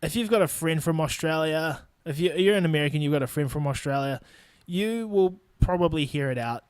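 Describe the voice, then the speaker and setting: A man's voice: on the high side, a little fast, clear, resonant tone, no room sound. A man in his twenties with a New Zealand accent, hosting a solo podcast and ranting bluntly with lots of swearing. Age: 20s. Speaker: podcast host. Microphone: studio microphone.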